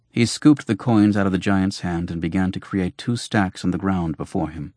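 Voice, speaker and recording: A man narrates an audiobook in a measured, formal way. His voice is deep and husky. The recording is dry and close. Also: a little mellow, no echo. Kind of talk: scripted narration.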